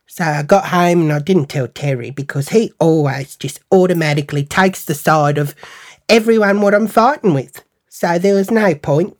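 A woman's voice: lowish voice, a little mellow. A young Australian woman hosting a podcast, telling a storytime monologue in a blunt, indignant manner with lots of swearing. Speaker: podcast host.

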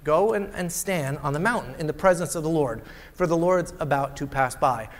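A man preaching a sermon as a pastor, swinging dramatically between loud and hushed delivery. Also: a little high, moderate pace. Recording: long hall reverb.

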